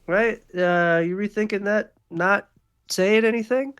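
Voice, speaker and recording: A man's voice: high voice, a little slow, a bit bright, clean tone, voice pushed up. A man voicing a menacing male crime boss in a suit who taunts his captive. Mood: mocking. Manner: mocking, taunting.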